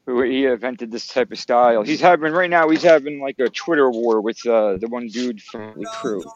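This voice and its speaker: A man's voice: medium pitch, normal speed. A man calling into a talk show, chatting casually and rambling with many fillers. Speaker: caller. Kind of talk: casual chat. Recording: dull lo-fi call line.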